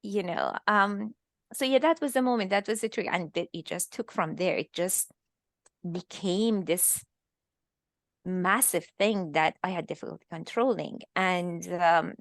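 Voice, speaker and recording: A woman in her fifties from Iran, telling her own story in a halting, emotional way over a video call. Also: lowish voice, dry recording, clean studio sound. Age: 50s. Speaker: guest. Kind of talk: personal testimony in a virtual talk.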